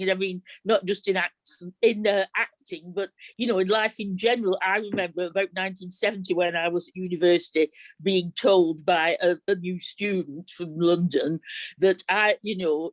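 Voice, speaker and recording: A man's voice: sits high, dry recording. A man in his seventies chairs an online meeting, talking in a reflective, conversational way. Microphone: video call.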